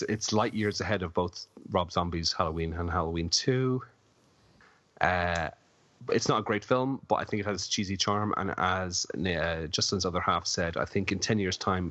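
A man's voice: sits low, normal speed, a bit bright, no room sound. A man on a casual podcast, a little drunk and slurring, rambling through film trivia with many fillers. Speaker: podcast co-host. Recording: dull lo-fi dry sound.

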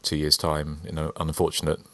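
A man's voice: a bass voice, monotone, a little fast, a bit bright, no room sound. A man hosting a casual podcast chat, teasing his co-hosts with dry banter. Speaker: podcast host.

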